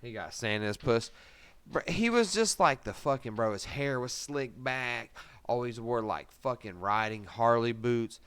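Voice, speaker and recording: A man's voice: medium pitch, lively intonation, unhurried, a bit bright, clean tone, no echo. A man in his thirties, a podcast host, telling a rambling story in casual chat, with constant swearing and filler words.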